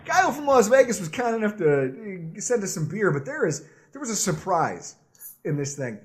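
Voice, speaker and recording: A man co-hosting a casual sports podcast, loud and playful, laughing often as he bantered. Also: high voice, very animated, normal speed. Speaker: podcast co-host.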